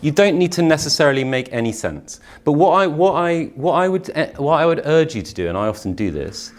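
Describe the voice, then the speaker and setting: A middle-aged man, a university English lecturer, leading a live poetry workshop in a chatty way with many restarts, slowing down to read verse aloud in a measured rhythm. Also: a little high. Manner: lively, chatty, with frequent restarts and fillers; reads verse slowly and rhythmically. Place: conference workshop room.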